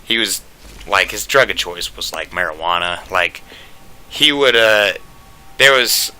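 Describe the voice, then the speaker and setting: A man's voice: low voice, animated, measured pace, bright, forceful tone. A young man telling a casual storytime rant, rambling and profane, packed with "like" fillers.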